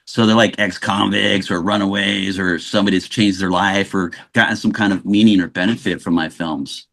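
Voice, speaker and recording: A man, an actor guest in a casual interview, telling animated stories and acting out the dialogue. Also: low voice, moderate pace, creaky. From Los Angeles. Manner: animated storyteller who acts out quoted dialogue.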